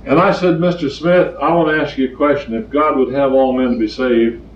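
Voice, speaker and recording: With a steady tone and a fairly quick pace, an older man preaches in a mid-range voice. His sermon is plainspoken and narrative, driving points home through emphatic repetition, and the lo-fi recording is dull, distant, and roomy.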